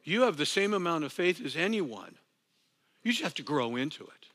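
High, lively-voiced preacher man. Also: normal speed. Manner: animated, swings between soft asides and loud emphatic lines. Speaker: pastor. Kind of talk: sermon.

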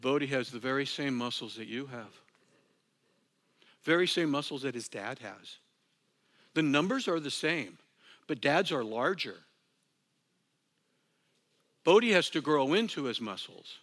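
Man, pastor, sermon, animated, wide-ranging melodic delivery, self-deprecating. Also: medium pitch, measured pace, pauses often. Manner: animated, swings between soft asides and loud emphatic lines.

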